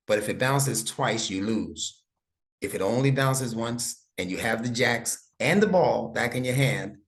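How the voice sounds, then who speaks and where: A middle-aged man tutoring a young student one-on-one, explaining patiently step by step and checking that he is understood. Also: fairly low pitch. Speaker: Arabic instructor and imam.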